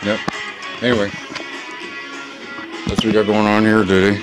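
A man vlogging to his viewers in a rambling, profane monologue, full of fillers and quick apologies. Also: lowish voice, level tone, low-quality recording. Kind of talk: casual rambling monologue to camera. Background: background music.

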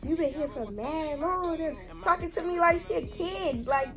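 A young woman with a high voice chats to her viewers in an animated, slangy vlog, swearing freely as she tells her story. Clear music plays behind her the whole time. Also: normal speed. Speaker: vlogger.

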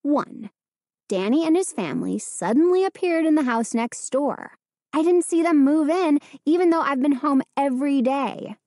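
A woman voicing a frightened, excitable teenage girl who talks in quick startled bursts. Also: high-pitched, no room sound, studio quality. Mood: chatty.

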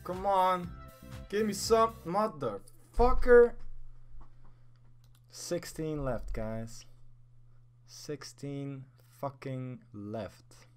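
A man giving casual, excitable commentary while betting on a game, swearing often and swinging from mumbles to yelling. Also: a little high, drawn-out words, long pauses, soft background music. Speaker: gaming YouTuber.

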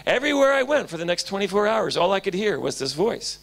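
A male pastor preaching a sermon in a church, telling stories animatedly and swinging between loud and hushed. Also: sits high, animated, very fast, creaky, hardly any pauses.

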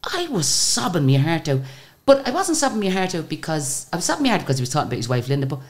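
An Irish woman with a very deep voice telling lively anecdotes in a casual interview. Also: fast talker. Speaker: singer and guest.

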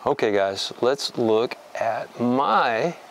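A man's voice: mid-range voice, animated, very slow, a little hiss or hum. A man giving a casual, folksy fly-fishing tutorial, emphatic and repeating words for stress. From Texas.

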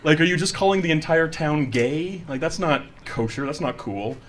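A man's voice: on the high side, animated, moderate pace, slight background noise. A man works a live comedy stage, talking into a handheld mic. He is chatty and mocks himself, slipping into quoted voices as he goes. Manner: chatty, self-mocking, acts out quoted voices. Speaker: stand-up comedian. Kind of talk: stand-up comedy set.

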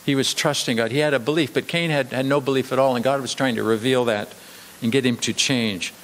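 A man pastor preaching a sermon emphatically, swinging between raised, quick delivery and slow, low emphasis. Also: steady tone, fairly bright tone, long reverb tail. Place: church sanctuary.

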